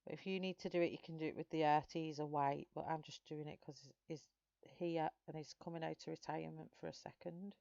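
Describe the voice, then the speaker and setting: A woman's voice: deep voice, fairly even intonation, fairly quick, creaky, dark tone, dry recording, muffled recording. A middle-aged woman chatting casually with viewers while she colours live, rambling from one story to the next. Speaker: colouring channel host.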